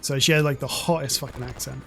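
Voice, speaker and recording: A man's voice: mid-range voice, fairly even intonation, fast, creaky, faint music behind. A man in his forties chatting casually while gaming, rambling and swearing freely as a streamer.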